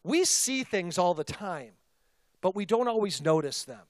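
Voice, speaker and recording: A male pastor telling a personal story in a sermon, in a conversational, self-deprecating and animated way. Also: high-pitched, measured pace, no room sound, studio quality.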